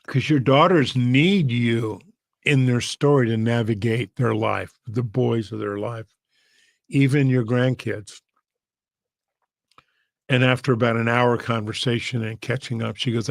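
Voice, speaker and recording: Earnest gravelly male pastor storyteller. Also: mid-range voice, fairly even intonation, a little slow, no echo. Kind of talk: storytelling sermon.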